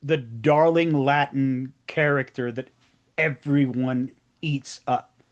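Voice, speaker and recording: A man's voice: mid-range voice, fairly even intonation, slow, dull audio. A man co-hosting a casual review chat, eager and explanatory. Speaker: podcast co-host.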